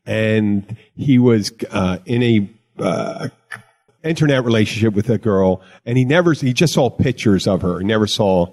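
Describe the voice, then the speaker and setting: A man's voice: lowish voice, animated, moderate pace, a little mellow. A man hosting a casual podcast chat, rambling and joking, often interrupting himself. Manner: rambling, jokey, self-interrupting. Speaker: podcast host, bartender.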